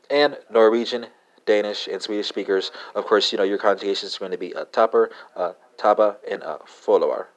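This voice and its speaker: A man hosting a language podcast, talking haltingly with many fillers and spelling words out letter by letter. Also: fairly low pitch, lo-fi sound. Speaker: podcast host. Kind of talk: language lesson monologue.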